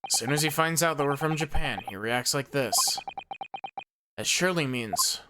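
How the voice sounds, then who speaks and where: A man's voice: a little high, moderate pace. A man streaming a mystery game and reading its dialogue and narration aloud. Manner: reads game text aloud with lively character voices. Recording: game music behind.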